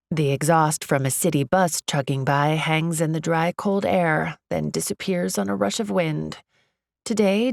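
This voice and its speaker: A woman narrates a first-person romantic comedy audiobook in an expressive, confiding voice. Her voice is low with a gravelly edge. The recording is dry and close. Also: dry recording.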